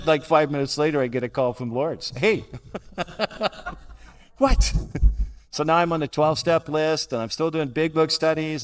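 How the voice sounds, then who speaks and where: An older man giving a personal recovery talk to a meeting, blunt and dryly self-mocking. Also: a little high. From Canada. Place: large convention hall. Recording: hall reverb from a live talk.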